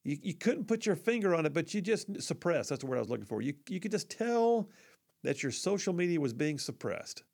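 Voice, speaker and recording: A man's voice: a little high, sing-song, brisk, creaky, darkish tone. A man hosting a conservative talk radio show, folksy and emphatic, with sarcastic asides.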